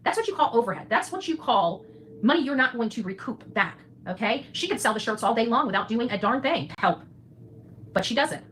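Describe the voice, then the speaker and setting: Fast-talking defiant woman streamer, faint noise. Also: a little high, lively intonation, fairly bright tone, low-quality recording. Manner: defiant, reassuring, preachy, repeats "okay?". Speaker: citizen journalist livestreamer. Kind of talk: direct address to viewers.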